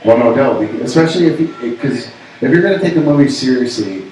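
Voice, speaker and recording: A man from Canada co-hosting a casual pop culture show, bantering and joking in an animated way. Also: medium pitch, fast, far from the mic, slight background noise. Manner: joking, animated, jumps into bits and shouts. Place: pub. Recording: echoey room, voice from off mic.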